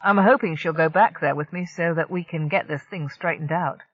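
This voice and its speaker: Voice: medium pitch, moderate pace, dull audio, close to an everyday voice. An audiobook narrator voicing a grim, earnest male spacer explaining himself to an interrogator.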